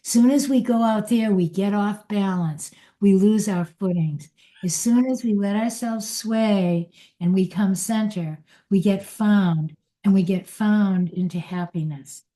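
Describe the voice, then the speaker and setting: Mellow-voiced older woman teaching gently. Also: medium pitch. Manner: gentle, unhurried, reflective. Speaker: spiritual teacher. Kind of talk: inspirational spiritual talk.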